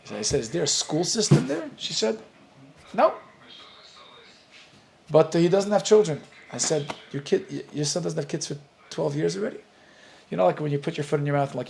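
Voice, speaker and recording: A middle-aged man with an American accent, a rabbi telling lively stories while teaching a Talmud class and acting out the dialogue. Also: a little high, creaky, slight background noise. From United States. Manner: animated storyteller, acts out dialogue, laughs often.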